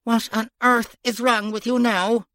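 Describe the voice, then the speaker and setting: A brisk, bossy old nun. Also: female voice, a little high, fairly even intonation, a bit bright, dry recording, studio quality. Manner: brisk, motherly commands. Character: brisk older Irish nun, bossy but kind.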